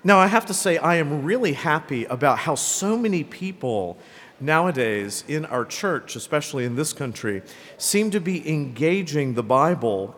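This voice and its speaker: A man's voice: a little high, fairly bright tone. A man preaching a sermon as a priest, talking conversationally and often checking in with "right?" and "okay?". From Greenville, South Carolina. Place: church. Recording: long church reverb.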